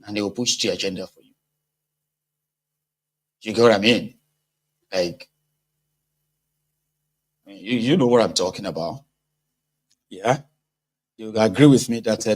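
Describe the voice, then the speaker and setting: A man's voice: on the low side, sharp tone, poor audio. A man with a Nigerian accent giving casual political commentary, talking conversationally and asking rhetorical questions.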